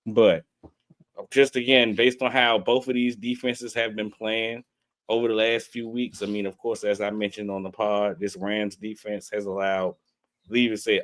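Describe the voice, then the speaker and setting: A man's voice: fairly low pitch, no echo. Laid-back slangy man talking football. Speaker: podcast co-host. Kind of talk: casual sports podcast chat.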